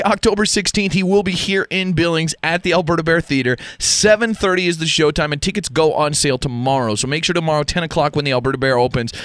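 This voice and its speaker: A man with a bright, fairly high voice hosts a morning radio show from a dry, close studio mic. He gushes over his guest and breaks off to plug event details with a sell-it push. He sounds eager and sure of himself. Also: no room sound. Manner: enthusiastic, gushing, plugs event details. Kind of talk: upbeat radio interview. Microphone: close studio microphone.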